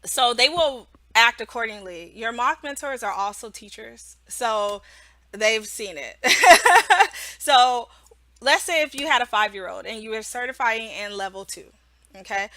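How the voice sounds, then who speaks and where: A woman's voice: fairly high pitch, lively intonation, a little slow, bright, forceful tone, no room sound. A woman who teaches English online, giving casual how-to tips in a chatty way, often checking in with "right?" and laughing.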